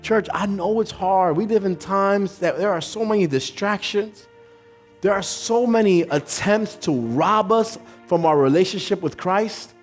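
A pastor delivers a sermon to his congregation in a fairly high, lively voice. He restarts phrases as he builds his point, and soft music plays faintly behind him. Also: measured pace. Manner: animated storytelling with frequent restarts. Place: church service.

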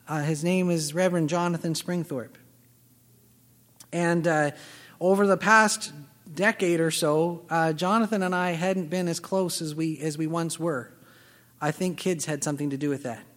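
A man's voice: a little high, fairly even intonation, normal speed, a bit bright. A man preaching a sermon as pastor, telling a personal story and acting out the dialogue. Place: church sanctuary. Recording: long reverb of a large hall.

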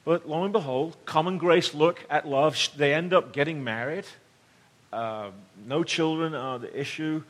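A middle-aged man preaching a storytelling sermon in a conversational way, swinging between loud emphasis and hushed tones. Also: on the high side, moderate pace. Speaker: pastor.

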